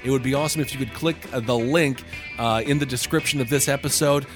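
A man's voice: medium pitch, fast talker, over music. A man hosting a podcast in a loose, joking chat, laughing often. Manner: jokey, animated, laughs often. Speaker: podcast host. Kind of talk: casual comedic chat.

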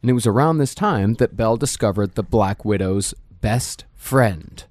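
A man's voice: on the low side, normal speed, a little mellow, no echo. Man narrating a true-crime story. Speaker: podcast host narrating a case.

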